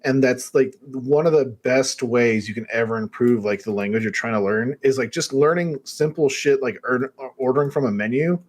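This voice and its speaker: A young man co-hosting a gaming podcast, chatting casually and telling animated stories with casual swearing. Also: mid-range voice, normal speed, few pauses. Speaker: podcast co-host. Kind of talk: casual chat.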